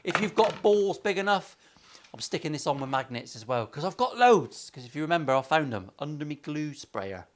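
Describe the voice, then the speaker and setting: A luthier from England, his voice a little high, very animated and a bit fast, talks through a guitar build in his workshop. It's vlog banter full of crude jokes, asides and lots of swearing.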